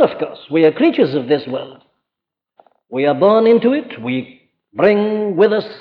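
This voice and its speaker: This sermon comes from a Welsh man whose high voice trails off in a long reverb. Earnest and emphatic, he speaks directly to those listening, captured on a dull lo-fi archive recording.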